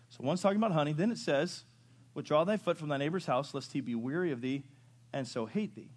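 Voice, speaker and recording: A man preaching a sermon, moving from loud rising questions to low quiet asides. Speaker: pastor. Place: church sanctuary.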